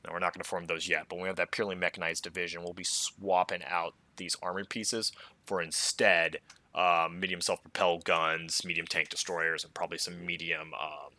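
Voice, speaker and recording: An American man casually commenting on a strategy game as he plays, thinking aloud in a relaxed, chatty way. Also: low-pitched, a little fast. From United States. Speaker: strategy game let's player.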